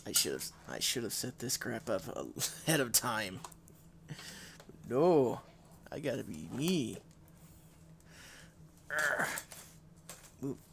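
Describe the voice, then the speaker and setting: A man's voice: mid-range voice, a bit bright, slight background noise. A man live-streaming a game from home on a desk microphone, rambling in a casual, self-deprecating way with frequent restarts and sighs.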